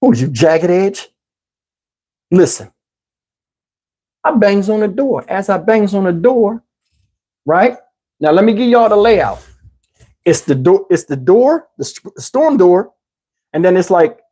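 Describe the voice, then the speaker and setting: A middle-aged man casually telling a personal story in an animated, streetwise way, with lots of "you know what I'm saying" asides. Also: high voice, breathy edge. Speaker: YouTube storyteller.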